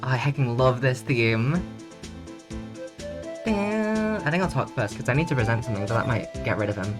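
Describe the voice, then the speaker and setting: A young man streaming a game, joking and reacting in a chatty, excitable way. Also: mid-range voice, moderate pace. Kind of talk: let's play commentary. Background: game music.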